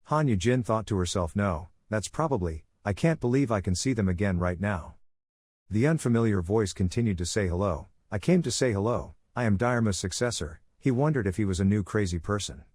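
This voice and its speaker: Low-voiced man narrating a story recap. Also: expressive, a little fast, a little mellow, no echo, clean studio sound.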